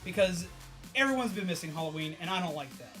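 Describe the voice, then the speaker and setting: Briskly and casually, a streamer with a high, bright voice talks to his viewers. Excitable but somewhat tired, he curses freely and keeps breaking into laughs as he rambles over faint background music.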